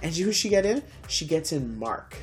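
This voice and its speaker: A young man co-hosting a casual podcast chat, animated and profane as he retells scenes. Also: fairly high pitch, normal speed, faint music behind. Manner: animated, swearing, acts out scenes. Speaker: podcast co-host.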